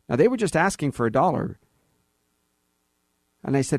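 Gravelly, sarcastic talk radio man. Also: mid-range voice, brisk, pauses often, no room sound, studio quality. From California. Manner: animated, sarcastic, acts out dialogue. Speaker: radio show host. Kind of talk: opinionated talk radio monologue. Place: radio studio.

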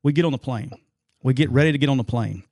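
A man's voice: medium pitch, fast, darkish tone, no room sound. A middle-aged man co-hosting a sports podcast spins a long anecdote, circling back with plenty of ums and restarts. His voice sits in an ordinary middle register, recorded close and dry with no room around it. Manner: rambling anecdotal storyteller, many fillers and restarts. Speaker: podcast co-host. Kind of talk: casual sports podcast storytelling.

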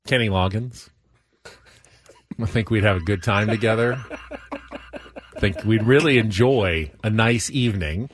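Relaxed man hosting sports radio. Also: fairly low pitch, unhurried, long pauses, a little hiss or hum. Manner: easygoing, joking. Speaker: radio show host. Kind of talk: casual sports radio chat. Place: radio studio. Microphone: studio microphone.

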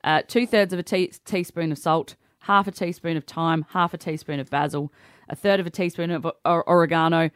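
A woman's voice: fairly low pitch, steady tone, brisk, clean tone, dry recording, studio quality. An Australian woman co-hosting breakfast radio, chatting in a playful, casual way. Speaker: radio co-host.

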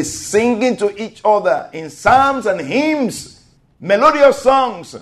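A man preaching a sermon, swelling into loud emphatic exclamations and calling out for amens. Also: high voice, lively intonation, slow pace.

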